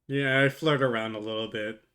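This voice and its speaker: A man's voice: medium pitch, fairly even intonation, moderate pace, bright, forceful tone. Laughing, rambling tipsy male streamer. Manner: laughs often, swears, rambling with restarts. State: drunk. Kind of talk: casual live-stream chat.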